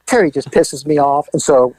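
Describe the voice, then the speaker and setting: A former police officer telling a crime story on a podcast, animated and profane, acting out each voice. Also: male voice, a little high, normal speed, no echo.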